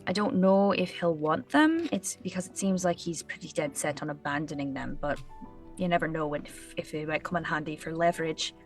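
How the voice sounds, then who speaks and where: A woman's voice: sits low, brisk, faint music behind. A woman playing a tabletop game, upbeat and laughing, thinking aloud through plans. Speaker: player. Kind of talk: tabletop role-play, in and out of character.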